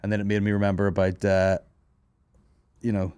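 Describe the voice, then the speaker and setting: A man's voice: on the low side, completely flat delivery, a little fast, a little mellow, smooth. A young man hosting a comedy podcast, telling stories with lots of swearing and laughing asides. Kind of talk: casual banter.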